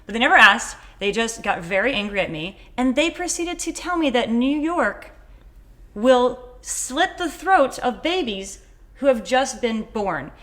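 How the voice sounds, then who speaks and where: Woman, podcast co-host, casual chat, fairly high voice, jokey. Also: lively intonation, a little slow, a bit bright. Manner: chatty and jokey, laughs often.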